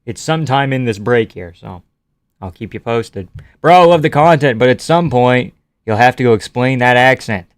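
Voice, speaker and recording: A man's voice: medium pitch, lively intonation, moderate pace, clear, resonant tone, no room sound. Man from Canada reading stream chat. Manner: reads viewer comments aloud and answers offhandedly, swearing casually. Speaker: live streamer.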